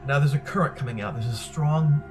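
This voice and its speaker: A man's voice: fairly high pitch, a little fast, soft background music. A middle-aged man, an interview guest, recounting a personal story animatedly and acting out the dialogue. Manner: animated, acts out quoted dialogue.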